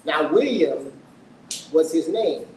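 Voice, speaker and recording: The speaker is a middle-aged man at his book launch, with a fairly high, darkish, animated voice and a slow pace. Earnest and emotional, he shares a personal story and questions the audience. Faint noise and echo fill the event room, and he sounds distant.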